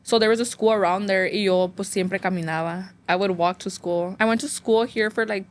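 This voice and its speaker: A young woman from Phoenix, appearing as a guest, tells a painful personal story in a rambling, emotional way, her speech full of "like." Her medium-pitched voice keeps a fairly even intonation and a fairly quick pace, and she sounds close to tears.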